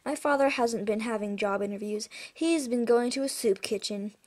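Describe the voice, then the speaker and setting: A woman's voice: a little high, normal speed, a little mellow, natural voice. Brief: distressed girl, shaky delivery, close to the reader's own voice, a woman reading. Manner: shaky, faltering speech. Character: upset girl, shocked and ashamed.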